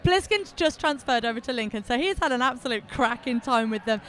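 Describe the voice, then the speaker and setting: A woman's voice: fairly high pitch, lively intonation, brisk, fairly bright tone. A woman commenting live on a roller derby game, chatty, giggly and self-mocking. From England.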